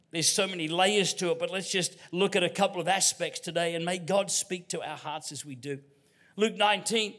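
A middle-aged Australian man from Queensland preaching a sermon as a guest pastor, telling stories with humor and dropping to hushed tones. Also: high voice. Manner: storytelling with humor, dynamic swings from loud to hushed. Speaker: visiting pastor.

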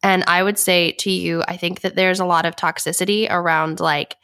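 A woman co-hosting a marketing podcast, her voice raspy and gravelly from weeks of illness, explaining in a relaxed way with many fillers. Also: fairly low pitch, moderate pace. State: sick with a cough. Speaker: podcast co-host. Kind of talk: casual podcast chat.

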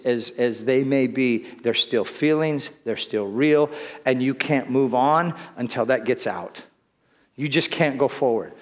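A male pastor preaches in a mid-pitched voice, conversational and earnest, often restarting his sentences and stepping aside for quick remarks. His voice carries a long reverb from a church hall. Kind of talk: sermon. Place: church sanctuary.

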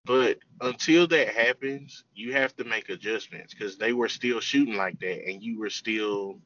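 A man co-hosting a casual basketball podcast, laying out arguments in a measured way. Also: on the low side, a bit bright, highs cut off.

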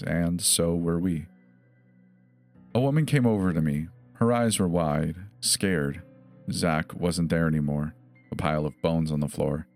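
A man telling a horror story in a measured, grave first-person narration. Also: low voice, a little mellow. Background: faint music.

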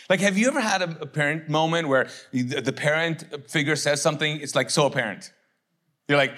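A middle-aged man preaching a sermon as pastor, conversational and joking, acting out quick voices of others. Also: fairly high pitch, sharp tone.

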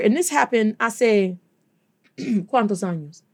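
A woman telling a personal story in a casual, animated way, acting out quoted voices and dropping in Spanish phrases. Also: a little high, a little slow. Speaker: podcast host.

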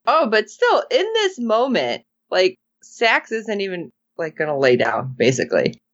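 A woman co-hosting a casual recap chat, animated and acting out characters' lines in put-on voices. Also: mid-range voice, unhurried, no echo, highs cut off. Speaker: podcast co-host.

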